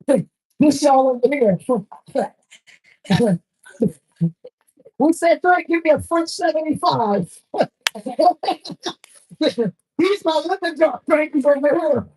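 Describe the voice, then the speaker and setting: A woman's voice: high voice, lively intonation, slow, pauses often, darkish tone, low-quality recording. A woman hosting a live poetry show on stage into a handheld mic, with loose, profane banter and frequent laughs. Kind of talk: casual live emcee banter.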